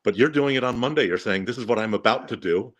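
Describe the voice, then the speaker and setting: A man's voice: medium pitch, fast, fairly bright tone. A man interviewing a trading host, asking enthusiastic, leading questions.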